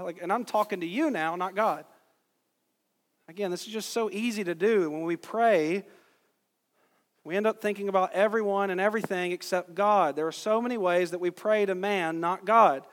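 A man's voice: high-pitched, moderate pace, long pauses. A man in his thirties preaching a sermon as pastor, conversational and self-deprecating, asking the congregation rhetorical questions. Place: church sanctuary. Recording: long reverb of a church hall.

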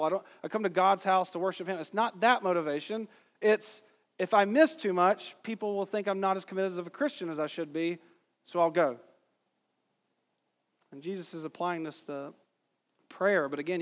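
High-voiced pastor preaching in a reverberant church. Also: male voice. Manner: conversational, self-deprecating, rhetorical questions. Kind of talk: sermon. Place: church sanctuary. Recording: long reverb of a church hall.

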